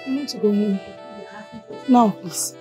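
An actress playing a guarded young woman who speaks in a hushed, hesitant way. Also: medium pitch, measured pace, music in the background, natural voice. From Nigeria. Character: guarded young woman hiding her flaws.

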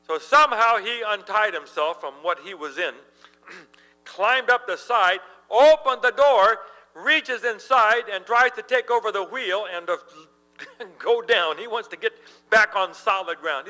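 A middle-aged man preaches in a church and tells his stories with lively energy, chuckling along the way. His voice is fairly high for a man and very bright and ringing. A low electrical hum sits under the recording. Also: moderate pace, in a large hall, rough recording. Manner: animated storyteller, laughs while telling. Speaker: pastor. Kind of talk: sermon with storytelling.

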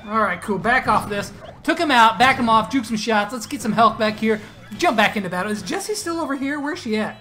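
A man talks over his own gameplay in a bright, forceful voice. He jumps between calm play-by-play and loud, laughing trash talk whenever he lands a hit. Faint game music plays underneath. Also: sits high, fairly quick. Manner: excited, laughing, trash-talking opponents. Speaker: gaming YouTuber. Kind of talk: gameplay commentary.

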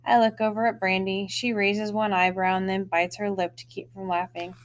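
A woman reads a children's chapter book aloud in the first person. Her storytelling is expressive, with bright lifts on key words. Her voice sits at an ordinary middle pitch for a woman. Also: normal speed.

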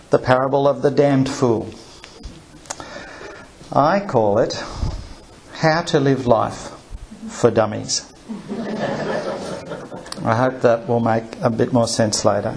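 Male preacher, a gravelly edge and a mid-range pitch, delivering a chatty sermon full of rhetorical questions. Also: slight background noise, low-quality recording. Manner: lively, asks the congregation rhetorical questions, light humor. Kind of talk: conversational sermon.

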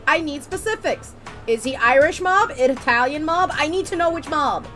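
Chatty high-voiced woman streamer. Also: animated, moderate pace, sharp tone, soft background music. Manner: chatty, joking, swears casually. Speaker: gameplay streamer. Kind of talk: casual let's-play commentary.

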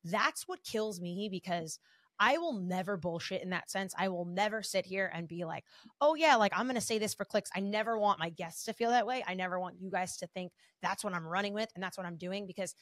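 Young adult woman, podcast host, quick and blunt, swears freely, dry room. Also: fairly low pitch, a bit bright, no echo. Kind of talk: casual podcast chat.

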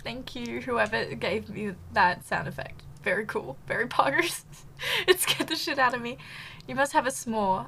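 Giggly streamer girl chatting away, kinda high bright voice, bit breathless, lots of ums. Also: moderate pace, gravelly, slight background noise. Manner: bubbly, giggly, chatty with many fillers. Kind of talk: casual live-stream chat.

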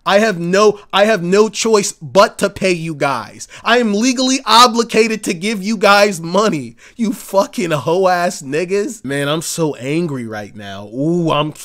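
A comedian ranting in an exasperated, profane, emphatic way. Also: male voice, sits high, unhurried, few pauses, a bit bright. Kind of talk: comedic rant.

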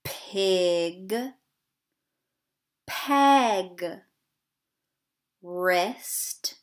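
A kindergarten teacher, a woman, leads a phonics lesson at a very slow, careful pace. Her bright, crisp voice sounds out short words one by one so that small children can hear every vowel. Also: a little high. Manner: deliberate, drawn-out sounding of words.

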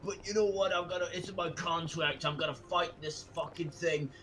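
A man's voice: on the high side, steady tone, a little fast, a bit bright. A man streaming a game, joking around with crude banter and laughter. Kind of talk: casual gaming chat with silly put-on voices.

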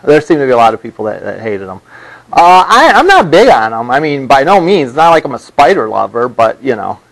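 A man's voice: mid-range voice, very animated, fairly quick, creaky, poor audio. A male college instructor giving a classroom lecture, rambling with many restarts and repeated words.

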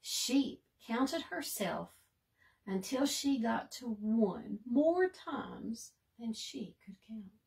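Woman, children's librarian, bedtime story read-aloud, gentle, very slow, lively pitch. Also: vocal fry. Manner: gentle, slow and expressive, sinking to a soft hush.

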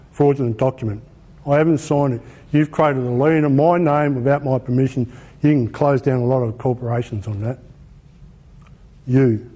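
An Australian presenter with a mellow, husky, mid-range voice gives an informal lecture. He speaks colloquially and emphatically, often posing rhetorical questions.

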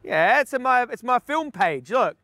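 An animal rights activist outside a slaughterhouse confronts people, blunt and heckling, swearing a lot. His voice is extremely high and sing-song, bright and forceful at a moderate pace, with no room sound, captured on a handheld camera.

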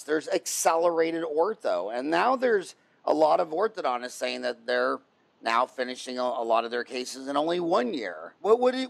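A man hosting a podcast who asks casual interview questions in rapid-fire runs and teases his guest playfully. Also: fairly high pitch, vocal fry. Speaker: podcast host.

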